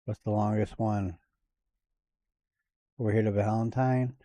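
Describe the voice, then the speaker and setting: A man's voice: lowish voice, steady tone, unhurried, dark tone. A man streaming a game, chatting casually and ranting to his viewers with plenty of swearing. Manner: profane, ranting to chat. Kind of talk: casual gameplay chat.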